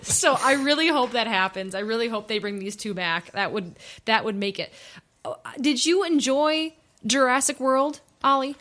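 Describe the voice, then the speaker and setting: A woman's voice: on the high side, expressive, normal speed, fairly bright tone. Giggly chatty woman podcast host. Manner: chatty, giggly, trips over her words. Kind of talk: casual podcast chat.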